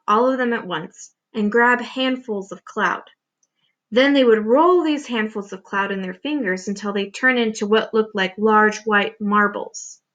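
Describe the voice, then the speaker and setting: A woman teacher reading a children's chapter book aloud with expressive storytelling. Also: a little high. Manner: expressive storytelling, showing pictures.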